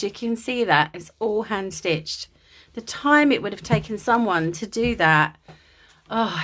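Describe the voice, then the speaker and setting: A woman's voice: medium pitch, fairly bright tone. A woman from England giving a chatty, gushing show-and-tell of vintage linens from a dim room at home. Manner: gushing and chatty, with many ums. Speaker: crafter showing vintage linens. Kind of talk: casual show-and-tell vlog.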